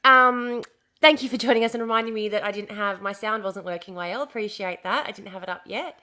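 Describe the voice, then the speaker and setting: An Australian woman chatting casually on a live stream, slightly hoarse from a lost voice, repeating herself as she greets viewers. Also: mid-range voice, a little fast, bright, forceful tone.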